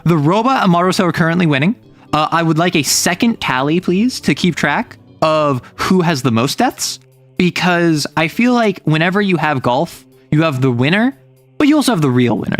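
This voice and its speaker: Male streamer, casual chat, animated and joking, a bit high, faint music behind. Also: normal speed. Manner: animated, joking, with playful asides. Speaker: livestreamer. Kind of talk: casual chat, summarizing a manga plot.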